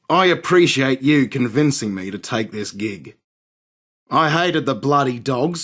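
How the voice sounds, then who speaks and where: A man's voice: medium pitch, a bit bright. A man voicing a crude, swaggering arms dealer from in a game, sardonic and rude. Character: cocky, crude male London arms dealer. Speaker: game character. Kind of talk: game voice acting.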